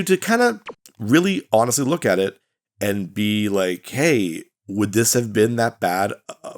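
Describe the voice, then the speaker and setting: Male gaming host, low voice, chatty and rambling, full of ums and quick corrections. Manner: rambling, filler-heavy, self-correcting. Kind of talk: casual let's-play commentary.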